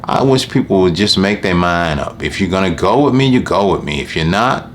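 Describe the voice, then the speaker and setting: Man, low voice, casual animated rant, faint background noise. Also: a little fast. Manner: animated, complaining, acts out customers in high voices. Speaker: lawn care business owner.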